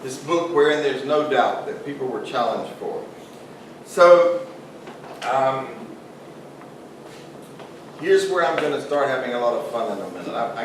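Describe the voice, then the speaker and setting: Guy teaching a class, kinda high voice, super echoey room, mic far off, bit of hiss. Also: a bit bright. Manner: conversational, jokey, asks the class questions. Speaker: Islamic studies teacher. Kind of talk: classroom lecture.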